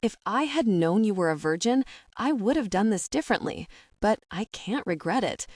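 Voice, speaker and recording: A woman voicing a cocky young man who demands answers, then turns gentle. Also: mid-range voice, sing-song, moderate pace, no room sound, clean studio sound.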